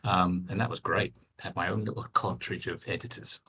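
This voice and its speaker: A man's voice: low-pitched, steady tone, brisk, sharp tone, slightly rough. An older man, a veteran game developer, chatting as an interview guest in a hesitant way, with many restarts and fillers. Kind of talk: casual interview chat.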